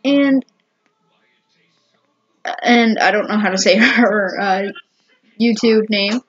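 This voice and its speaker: A woman's voice: mid-range voice, slow pace, a bit bright, husky, soft background music. A woman vlogger chatting casually to camera, rambling and giggling with lots of fillers and restarts. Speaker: vlogger reviewing a TV episode. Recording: dull lo-fi home recording.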